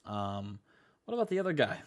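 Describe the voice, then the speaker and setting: A man's voice: lowish voice, very animated, a little fast. A man co-hosting a wrestling game playthrough, joking and hesitant. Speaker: co-host. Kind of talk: casual game chat.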